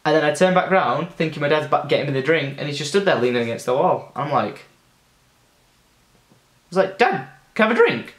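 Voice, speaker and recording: A man's voice: a little high, brisk, pauses often. A young man, telling childhood stories in a chatty, loose way, swearing now and then. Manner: chatty, loose, swears freely, many fillers. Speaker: gaming vlogger. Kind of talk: casual storytelling. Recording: echoey room.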